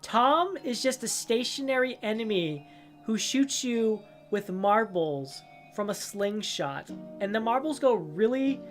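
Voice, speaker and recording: A young woman streamer rambling casually about old cartoons and games, telling stories in an animated way and often breaking into silly voices. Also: on the high side, a little slow, faint music behind. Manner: rambling, animated storytelling with goofy character voices. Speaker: livestreamer.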